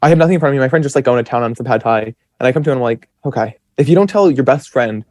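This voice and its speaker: A man's voice: mid-range voice, animated, racing, a little mellow, no echo, clean studio sound. A man in his twenties, a podcast guest, telling stories in a chatty, rambling way with lots of fillers and quoted self-talk. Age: 20s. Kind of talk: casual storytelling.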